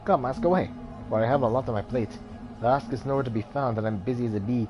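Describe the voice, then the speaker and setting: A man's voice: mid-range voice, fast, dull audio, natural voice. A man voicing a mystic male warrior-turned-merchant in a put-on Indian accent, solemn and riddling, reading game dialogue over music. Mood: cryptic.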